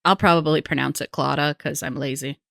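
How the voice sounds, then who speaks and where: Woman co-hosting a podcast, animated and playful, dry close sound. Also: lowish voice, fairly quick, gravelly, no echo. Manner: playful, laughs often. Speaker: podcast co-host. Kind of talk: casual chat.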